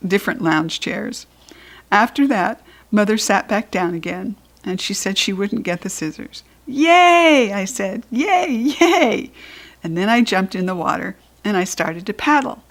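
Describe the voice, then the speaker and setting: A woman with an American accent reading a children's book aloud, clear and expressive. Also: mid-range voice. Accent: General American. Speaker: storybook reader.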